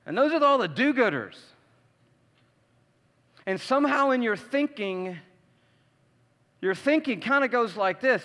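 A man preaching a sermon to a congregation, swinging from hushed tones to loud emphasis and acting out voices. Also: high-pitched, lively intonation, normal speed, pauses often, big-room sound. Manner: acts out quoted voices.

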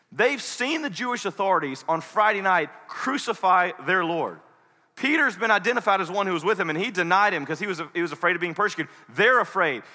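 Male pastor, animated storyteller, tenor range, reverberant hall. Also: on the high side. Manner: animated storyteller, switching between voices. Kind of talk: sermon with dramatic retelling.

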